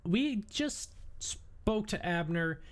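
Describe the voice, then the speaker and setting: A woman player in a tabletop game, asking quick playful questions in character. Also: medium pitch, animated, crowd noise. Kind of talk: tabletop game role-play.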